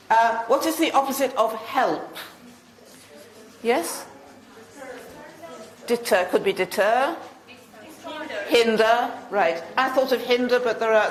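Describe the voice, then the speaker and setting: A woman from Britain leading a teacher-training workshop, asking the audience quiz questions and briskly confirming their answers. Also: fairly high pitch. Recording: echoey room.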